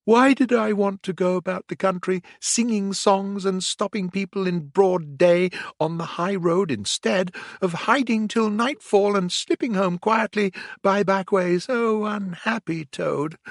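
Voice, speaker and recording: A man doing a boastful excitable toad. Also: measured pace, few pauses, dry recording, clean studio sound. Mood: panicked. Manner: high, breathless and bragging.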